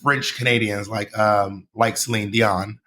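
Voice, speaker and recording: A man's voice: on the low side, fairly even intonation, measured pace, bright, forceful tone. An American man talking as an interview guest on a video call, chatty and joking, drifting off on tangents. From United States. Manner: chatty, jokey, goes off on tangents. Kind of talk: casual conversation over a video call.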